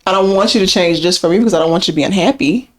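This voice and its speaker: Relaxed woman podcast co-host. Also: on the low side, rapid-fire. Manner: talks through points in a relaxed, explaining way with frequent "like" and "so". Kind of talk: casual conversational podcast chat.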